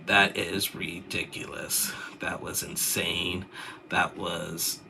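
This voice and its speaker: A man's voice: low-pitched, flat delivery, slow, vocal fry, noisy background. A young man chatting casually as he recaps a reality show, rambling with lots of fillers and restarts.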